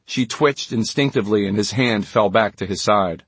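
Male narrator, measured delivery, husky voice, dry recording. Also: fairly low pitch, dry recording. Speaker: audiobook narrator. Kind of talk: scripted narration.

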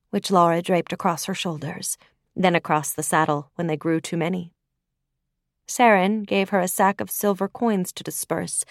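A woman reading a fantasy novel aloud in measured storytelling narration, dropping to a hush on dark lines. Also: mid-range voice, dry recording, studio quality. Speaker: audiobook narrator. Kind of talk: scripted narration.

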